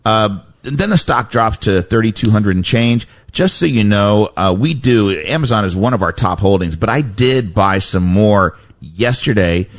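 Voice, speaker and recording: A man's voice: on the low side, animated, a little slow, hardly any pauses. A man hosting a radio finance show, chatting casually and correcting himself as he goes. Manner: rambling, self-correcting, chatty. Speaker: radio host, stock advisor. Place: radio studio.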